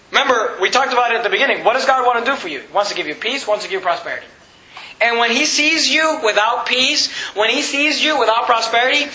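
A man preaching a sermon as pastor, building to emphatic shouts, recorded in a church. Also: very high-pitched, slight background noise. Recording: echoey room, dull lo-fi sound.

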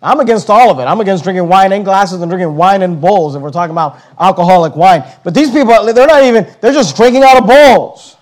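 Emphatic high-voiced preacher. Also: male voice. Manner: emphatic, slows on key words, repeats himself. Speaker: pastor. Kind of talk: sermon.

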